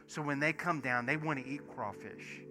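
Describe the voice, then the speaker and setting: A man, a pastor preaching in church and acting out stories, swinging from hushed asides to loud bursts. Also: mid-range voice, normal speed. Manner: animated storyteller, acts out dialogue, swings from hushed to shouting. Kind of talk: sermon with storytelling. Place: church sanctuary. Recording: music playing behind sermon. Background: soft worship music.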